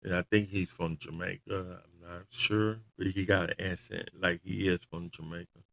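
A man chatting casually in loose grammar, rambling and laughing often as he tells animated stories. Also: low-pitched, moderate pace, gravelly. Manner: animated storyteller. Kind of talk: casual chat watching wrestling.

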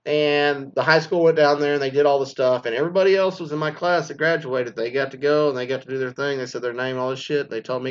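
A man in his forties, a former teacher from Texas, ranting bluntly with constant swearing and animated storytelling. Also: medium pitch, fast, hardly any pauses, smooth. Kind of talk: profane ranting monologue. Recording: slightly dull lo-fi recording.

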